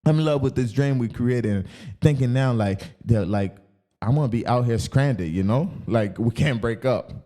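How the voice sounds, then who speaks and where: A man's voice: mid-range voice, normal speed, warm tone. A young man hosting a podcast, candidly telling a painful personal story with many casual fillers. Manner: candid, emotional retelling with many "you know" fillers. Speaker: podcast host.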